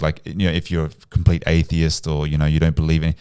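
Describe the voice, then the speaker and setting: A man's voice: very deep voice, completely flat delivery, fast, a little mellow, clear, resonant tone. A man, a psychotherapist and podcast guest, explaining his method in a casual, earnest way.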